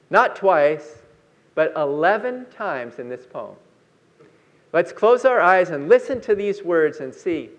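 High-voiced preacher man telling a story. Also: dull audio. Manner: storytelling preacher, slow emphatic lines. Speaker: pastor. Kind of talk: sermon.

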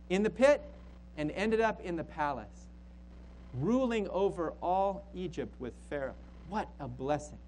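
High, lively-voiced pastor preaching a sermon. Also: male voice, a little hiss or hum, rough recording. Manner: emphatic, repeats phrases for stress.

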